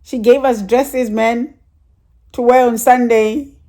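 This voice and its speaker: A woman's voice: fairly high pitch, steady tone, slow, dark tone. A woman giving a casual, rambling church testimony, chatty and a little emotional. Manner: chatty and rambling, with frequent laughs and some emotion. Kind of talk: casual spoken testimony story.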